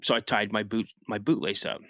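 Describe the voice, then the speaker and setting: A man who is a guest on a podcast, telling a personal story in a casual, animated way. He often restarts his sentences and adds "you know" asides. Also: on the low side, fairly quick, no room sound, studio quality. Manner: animated storyteller, rises sharply when acting out his younger self shouting.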